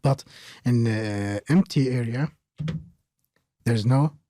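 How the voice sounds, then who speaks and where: A man hosting an audio production tutorial, talking haltingly with many filler pauses as he explains plugins. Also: mid-range voice, dark tone, no room sound. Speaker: mixing tutorial host.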